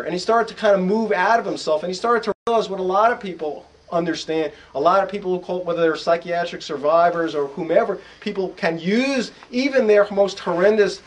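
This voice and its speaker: Animated middle-aged American man telling stories. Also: high voice, rough recording. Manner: animated anecdotes, acting out quoted voices. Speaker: author and psychologist giving a talk. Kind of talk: storytelling to a live audience. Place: bookstore event room.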